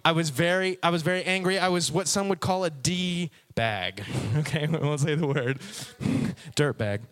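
A preacher from Texas, a man, gives a joking sermon and talks straight to his audience in a playful, animated way. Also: fairly high pitch, moderate pace.

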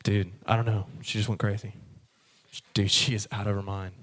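Man doing a low, shrugging "dude" guy. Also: moderate pace, close to an everyday voice. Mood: dismissive. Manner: flat, dismissive. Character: shrugging young guy after a breakup.

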